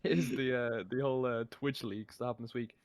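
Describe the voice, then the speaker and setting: A man's voice: medium pitch, steady tone, a little fast, no room sound. A young man co-hosting a podcast, rambling and swearing in casual chat. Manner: rambling, sweary, laughs often. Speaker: podcast co-host.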